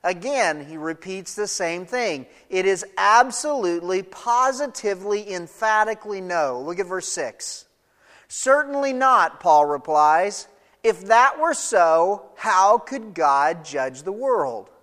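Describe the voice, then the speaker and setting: A man's voice: high-pitched, lively intonation, slow pace, a bit bright. A man preaching an expository sermon, emphatic, reading scripture aloud and explaining it. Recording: long reverb of a large hall.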